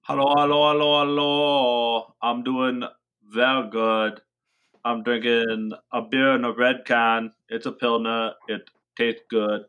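A man's voice: medium pitch, little pitch movement, slow pace, a bit bright, smooth. A man putting on a boisterous mock-accented guest voice for a comedic podcast intro. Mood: rowdy. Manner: boisterous, repetitive greetings. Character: rowdy male podcast guest with a fake accent.

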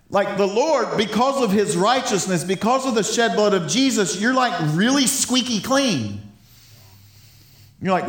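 A man's voice: high voice, moderate pace, fairly bright tone. Enthusiastic man teaching scripture, roomy echo. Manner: enthusiastic, laughs often, stumbles over repeated words. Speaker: Bible teacher. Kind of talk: informal Bible teaching.

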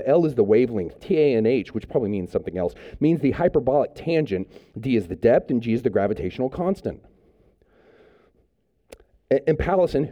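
A man's voice: medium pitch, muffled recording. A man preaching a sermon as pastor, speaking in a conversational way with frequent fillers and restarts.

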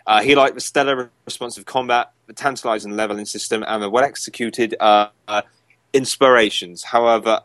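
Low-voiced chatty young man. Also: fairly even intonation, fairly quick, fairly bright tone, no echo. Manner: rambling, chuckling, reads out reviews. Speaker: podcast host. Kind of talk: casual podcast chat.

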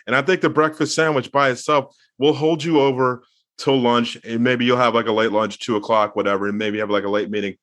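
A man's voice: medium pitch, steady tone, fairly quick, fairly bright tone. A man co-hosts a casual comedy podcast, building playful, mock-serious riffs. His voice sits in a middle register. The sound is dry and close, with no room echo. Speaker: podcast co-host.

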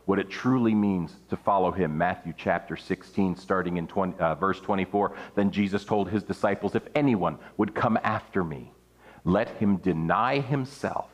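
A man preaching an earnest sermon, his pitch rising and falling for emphasis as he reads and explains scripture.

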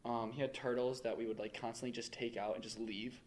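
A man's voice: medium pitch, level tone, brisk, a little mellow, a little hiss or hum. A young man animatedly telling stories about school pranks, often laughing as he talks. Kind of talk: casual storytelling chat.

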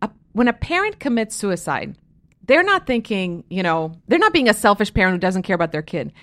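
Middle-aged woman, interview guest, earnest and emphatic, talks with real conviction, normal pitch. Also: very animated, brisk, fairly bright tone. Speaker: guest author and speaker. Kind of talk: candid interview talk.

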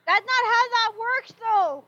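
A woman co-hosts a casual podcast and breaks in with blunt, crude comments. Her voice is very high. It comes through dull and lo-fi, with a dry, close sound. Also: unhurried, sharp tone, dry recording. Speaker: podcast co-host. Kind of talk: casual chat.

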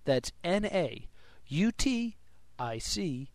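A man's voice: mid-range voice, very animated, drawn-out words, few pauses, dry recording. A man hosting a comedy podcast, reading plugs in a jokey, rambling way and correcting himself. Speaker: podcast host. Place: live show with audience.

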